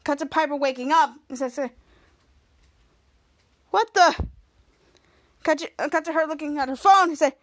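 A young woman casually recapping a TV episode as a podcast host, acting out the characters' lines with sudden loud, shrill bursts. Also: moderate pace, pauses often.

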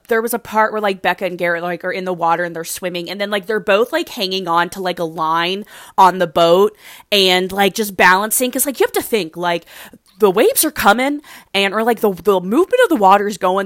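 A woman's voice: medium pitch, fairly bright tone, dry recording, studio quality. Gushing young woman, rambling recap. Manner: gushing, rambling, heavy use of "like". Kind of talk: casual reality-TV recap.

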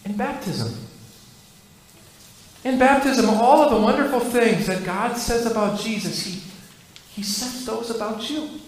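A male pastor preaching a sermon in a church, with an earnest, repetitive preaching cadence. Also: high-pitched. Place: church sanctuary. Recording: echoey church hall.

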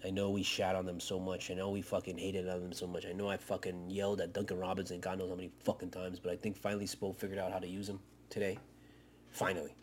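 A man hosting a fan podcast, ranting with heavy swearing and swinging from loud outbursts to low mutters. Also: fast talker, breathy edge. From Miami area. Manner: profane, excitable, swings between shouting and muttering. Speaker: podcast host. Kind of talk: fan commentary rant.

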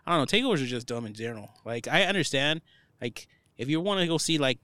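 A young man with a mid-pitched voice chats in a laid-back way, teasing his friends and using a lot of slang. The sound is close and dry. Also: expressive, quick pace, sharp tone, clean tone, no echo. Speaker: podcast co-host. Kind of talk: casual chat.

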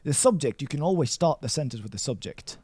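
A man's voice: mid-range voice, animated, fast talker, darkish tone, breathy edge. A man from Sweden tutoring Chinese in a casual lesson, encouraging and playful, praising his student often. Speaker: language tutor.

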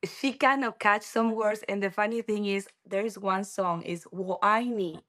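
A woman's voice: mid-range voice, moderate pace, fairly bright tone. Spanish-accented woman guest telling stories. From Ecuador. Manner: chatty storytelling, laughs often. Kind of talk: casual interview.

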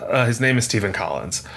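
A man co-hosting a casual movie-review chat, sharing film trivia with lots of "um" pauses. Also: on the low side, a bit bright. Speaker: podcast co-host.

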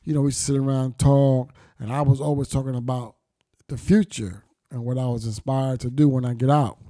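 A man's voice: medium pitch, fairly even intonation, moderate pace, mellow, no echo, clean studio sound. A middle-aged man telling his life story candidly, blunt and profane, with street slang and reflective turns. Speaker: storyteller recounting his past.

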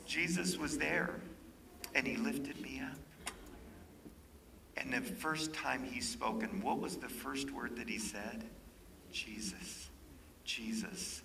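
A man preaching to a live audience, telling a story dramatically and dropping to hushed whispers. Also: medium pitch, vocal fry, recorded from a distance, background noise.

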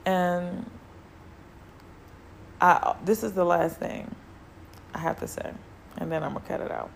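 A woman hosts her own solo podcast, talking casually and earnestly in a loose, conversational style full of filler words, and repeats key words to encourage her listeners. Her voice is on the low side and creaky, her pace measured, with slight background noise.

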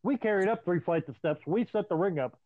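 A man casually swapping profane stories in an animated, storytelling way. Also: high voice, fairly quick, no room sound. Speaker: podcast host. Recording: dry, tinny phone-like line.

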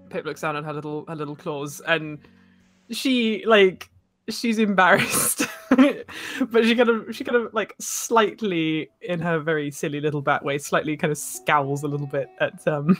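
Giggly woman playing a tabletop game, rambly, soft guitar music in back. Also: sits low. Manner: giggly, rambling, often laughing. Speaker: player.

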